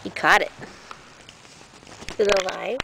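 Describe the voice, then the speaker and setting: A woman's voice: mid-range voice, fairly even intonation, measured pace, creaky, pushed and bright, a little hiss or hum, low-quality recording. A woman filming her pet cat outdoors, chatting in playful baby talk and laughing often. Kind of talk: casual home video chatter. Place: outdoors in a rural yard or field.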